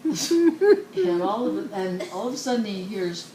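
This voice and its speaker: A woman tells jokes casually, animated and often laughing. Her voice sits a little high. The sound is roomy, with noticeable background noise. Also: normal speed. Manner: giggly, animated storyteller. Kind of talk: casual joke telling. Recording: echoey room with background noise.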